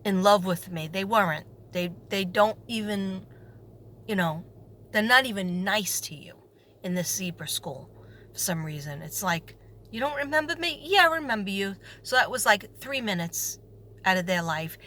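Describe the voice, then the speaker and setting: A woman with a New York accent, a substitute teacher telling a story in a sarcastic, animated way and acting out the people in it. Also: on the low side, measured pace, a little hiss or hum. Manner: animated, sarcastic, acts out quoted voices. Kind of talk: storytelling vlog.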